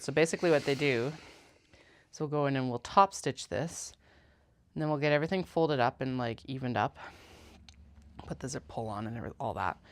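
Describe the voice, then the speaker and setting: A woman who vlogs about sewing, chatting casually on a clip-on mic and muttering to herself and her cats as she works in her basement. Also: extremely low pitch. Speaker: sewing vlogger. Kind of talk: casual chat while working.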